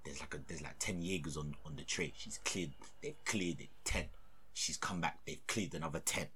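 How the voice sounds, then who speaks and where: A man's voice: normal speed, slight background noise. A young man, casually telling a story and acting out the voices of the people in it. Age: young adult. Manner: animated, acts out voices with big pitch jumps and laughter.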